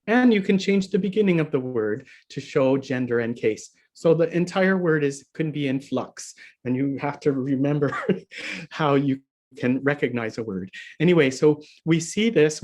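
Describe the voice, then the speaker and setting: A man's voice: medium pitch, a little mellow. A man teaching a harp lesson over a video call, chatty and laughing often as he explains. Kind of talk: online workshop lesson.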